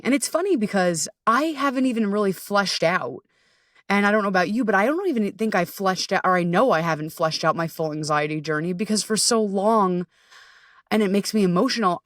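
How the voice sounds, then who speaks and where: A woman hosting a podcast, talking candidly and casually, swearing freely and laughing at herself, sometimes jumping into high voices for her inner thoughts. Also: no echo, studio quality, recorded from a distance. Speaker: podcast host. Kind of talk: casual confessional monologue.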